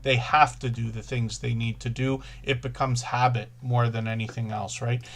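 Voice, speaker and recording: A man's voice: mid-range voice, flat delivery, moderate pace. A man hosting a casual livestream, chatting in a rambling, self-correcting way with frequent fillers. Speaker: livestream host promoting small channels.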